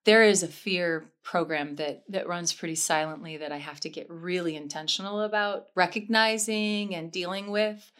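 A woman improv comedian talking candidly as an interview guest, effusive and self-deprecating, with quick swings in energy. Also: on the low side, a bit bright, clear, resonant tone.

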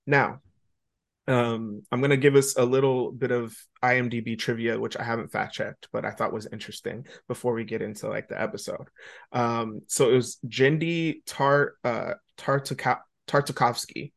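A man's voice: mid-range voice, fairly even intonation, moderate pace, creaky. A man co-hosting a podcast in casual chat, rambling along with lots of ums and uhs. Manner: chatty and rambling, with many fillers. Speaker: podcast co-host.

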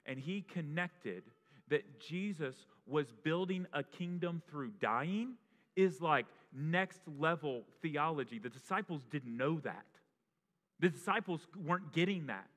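A man's voice: fairly high pitch, fairly bright tone. A pastor preaching an impassioned sermon, often restarting his phrases. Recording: long reverb of a large hall.

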